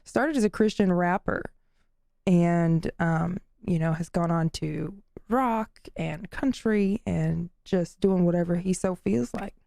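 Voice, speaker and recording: Low gravelly-voiced bubbly woman co-host. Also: slow pace, warm tone, dry recording, studio quality. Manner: bubbly, laughs often, gushing. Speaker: podcast co-host. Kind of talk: casual podcast chat.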